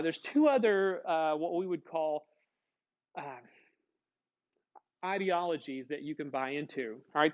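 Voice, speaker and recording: A man's voice: on the high side, dull audio. A male teacher giving a conversational classroom lecture, asking the class questions and answering them himself.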